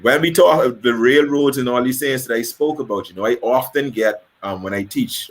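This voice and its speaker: A man's voice: medium pitch, fairly quick, hardly any pauses. A man from the Bahamas, speaking as a guest history teacher in an interview, emphatic and passionate. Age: adult, married. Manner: passionate, emphatic, acts out quoted voices. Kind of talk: interview conversation.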